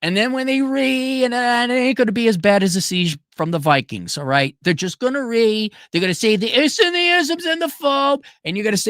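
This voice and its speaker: A man's voice: extremely high pitch, animated, a little fast, hardly any pauses, fairly bright tone, no room sound, clean studio sound. A man delivering a profane, sarcastic ranting monologue, breaking into mocking voices. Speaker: commentator.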